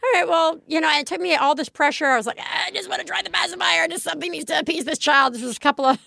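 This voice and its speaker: Gravelly-voiced woman podcast co-host. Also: extremely high pitch, very fast, bright, forceful tone, no room sound. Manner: candid, laughing, swears freely. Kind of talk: casual chat.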